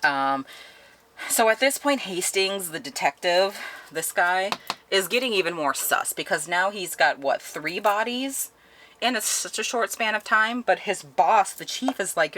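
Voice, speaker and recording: A woman's voice: medium pitch, animated, unhurried, sharp tone, a little hiss or hum. A young woman chatting animatedly through a book review, laughing often as she retells the plot. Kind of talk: casual spoken book review.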